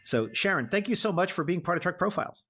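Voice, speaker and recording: A man's voice: high-pitched, animated, fast talker, fairly bright tone, breathy edge. A man hosting a podcast interview, playfully announcing a mock game-show quiz in a theatrical way. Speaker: podcast host.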